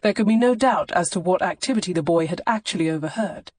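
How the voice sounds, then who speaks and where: A woman narrating a historical romance audiobook in a measured, expressive reading on a close studio mic. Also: on the low side. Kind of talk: scripted narration.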